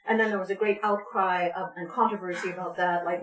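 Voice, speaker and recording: A woman's voice: on the low side, steady tone, quick pace, hardly any pauses, fairly bright tone. Chatty woman teaching voice in an echoey room. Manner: chatty, laughs often, many ums, demonstrates sounds. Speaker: vocal workshop leader. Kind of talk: informal teaching talk with sung demonstrations. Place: community music space, roomy.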